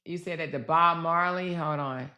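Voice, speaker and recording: Bright-voiced woman host reacting to clips. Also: low voice, moderate pace, muffled recording. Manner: animated, talks back to viewers. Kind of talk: commentary on stream clips.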